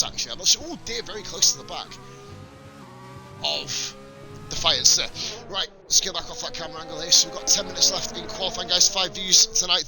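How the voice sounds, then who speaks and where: A man giving casual live commentary on a sim racing league stream, swearing and chatting with viewers between calls of the action. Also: high-pitched. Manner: casual, sweary, rambling banter with chat. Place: home streaming setup.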